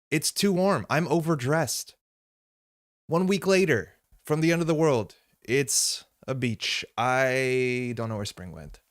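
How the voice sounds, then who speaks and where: A man's voice: mid-range voice, dry recording. Chatty young man on a dry mic. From Montreal. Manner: laughs often, chatty, greets viewers. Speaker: streamer reading chat. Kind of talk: casual live-stream chat.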